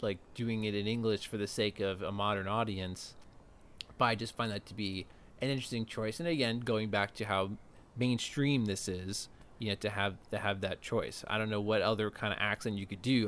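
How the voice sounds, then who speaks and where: A man's voice: lowish voice, fairly bright tone, a little hiss or hum. A man co-hosting a podcast, chatting casually about a film and thinking aloud with plenty of fillers. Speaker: podcast co-host.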